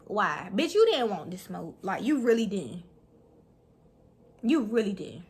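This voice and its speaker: A young woman telling a story in a vlog, animated and profane, talking fast. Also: mid-range voice, slightly rough. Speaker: vlogger.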